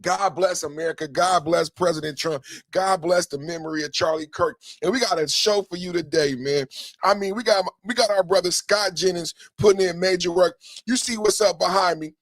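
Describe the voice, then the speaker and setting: A man's voice: sits high, moderate pace, a bit bright, no room sound. A man hosting a podcast with hype-man energy, chanting catchphrases and slipping into sing-song rhymes. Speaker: podcast host. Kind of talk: hyped podcast monologue.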